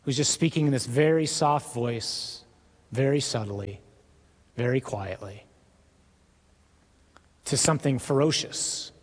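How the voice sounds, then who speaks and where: A man preaching a sermon in an earnest, emphatic way, stressing words slowly. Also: mid-range voice, big-room sound.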